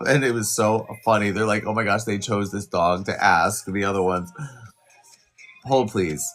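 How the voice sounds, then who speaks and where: A man talking casually to viewers on a live morning stream, rambling from story to story. His voice sits at an ordinary middle pitch, and he drops quick asides to the people watching. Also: a bit bright. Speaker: livestream host.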